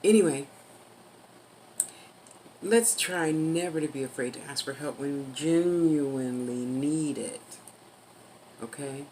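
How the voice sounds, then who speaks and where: Low-voiced chatty woman vlogger. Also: a little mellow, slight background noise, low-quality recording. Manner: rambling, chatty, yawning, drawn-out emphasis. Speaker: vlogger giving life advice. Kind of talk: casual talk to camera.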